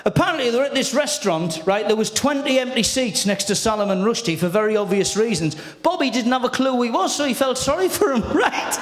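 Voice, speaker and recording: High-voiced sweary male comedian. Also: brisk, hardly any pauses, roomy sound, in a large hall. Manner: sweary, animated, chatty. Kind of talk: anecdotal storytelling.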